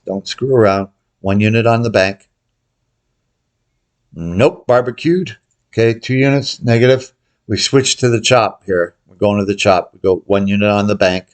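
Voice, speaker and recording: A man's voice: on the low side, normal speed. An older man hosting a gambling tutorial, calling out bets to viewers in a casual, joking way. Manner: chatty, jokey, calls out bets to viewers. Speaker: baccarat tutorial host. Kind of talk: casual commentary over live bets.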